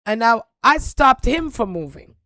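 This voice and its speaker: A woman's voice: fairly high pitch, sing-song, measured pace, pushed and bright, no echo, clean studio sound. A woman vlogger telling a story in a blunt, profane, preachy rant. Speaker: spiritual reader and vlogger.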